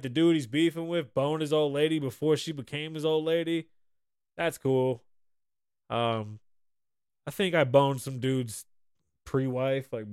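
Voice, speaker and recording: A man's voice: fairly high pitch, clear, resonant tone, no room sound. A man talks loosely and profanely as a podcast host, rambling from story to story. His voice is strained from a sinus infection and a pulled vocal cord. The sound is close and dry. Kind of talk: casual chat.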